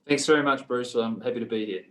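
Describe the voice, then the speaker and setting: A man with a New Zealand accent, a guest telling his story in a relaxed way with many fillers. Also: medium pitch, quick pace, rough recording. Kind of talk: casual interview.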